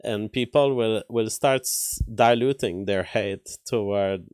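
A man's voice: on the low side, takes it slowly, darkish tone, clean tone, no room sound, clean studio sound. A man with a French accent, a native French speaker, commenting on the news live and answering chat, thinking aloud with many fillers and restarts. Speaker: streamer covering news.

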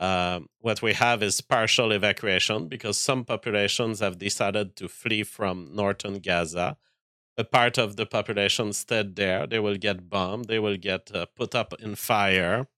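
Fast bright-voiced man commenting. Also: fairly low pitch, steady tone, dry recording. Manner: fast, filler-heavy, halting restarts. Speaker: streamer reading chat. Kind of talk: casual political commentary.

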